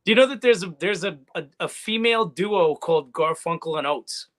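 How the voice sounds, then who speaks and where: A man's voice: sits high, brisk, fairly bright tone. A man trading jokes and trivia in casual group banter on a live show. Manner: wisecracking, chuckling.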